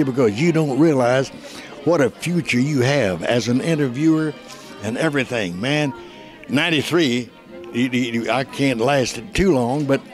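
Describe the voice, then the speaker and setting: A man in his nineties telling stories in a folksy, earnest, emphatic way during an interview. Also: medium pitch. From United States. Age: 90s. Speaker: voice actor. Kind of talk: casual interview storytelling.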